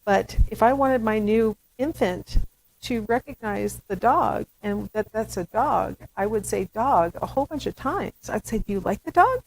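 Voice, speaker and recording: A woman's voice: on the high side, a little slow, vocal fry, a little mellow, low-quality recording. A woman giving a recorded lecture to students in a chatty style, with playful asides. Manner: acts out baby talk in demonstrations. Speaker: university lecturer.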